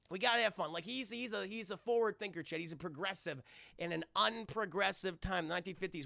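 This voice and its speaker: A man's voice: high-pitched, fairly quick, creaky, pushed and bright, no echo, studio quality. A man casually retelling a film scene by scene to his live chat, swearing freely and addressing the chat constantly. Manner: profane, keeps addressing chat. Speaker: streamer, film reviewer.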